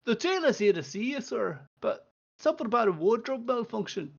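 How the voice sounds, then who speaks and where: A man's voice: very high voice, very animated, brisk, vocal fry, highs cut off, pitched above the performer's own voice, exaggerated voice. A man voicing a wary male guard at a keep. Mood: dry.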